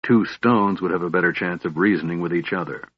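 A man voicing a gruff old dwarf warrior who talks bluntly and grumbles. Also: low-pitched, fairly quick. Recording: dull, lo-fi audiobook recording.

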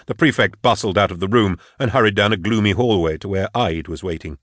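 This is scripted narration of an audiobook by a man whose fairly low voice moves at a steady, measured storytelling pace, captured in a dry, clean studio recording.

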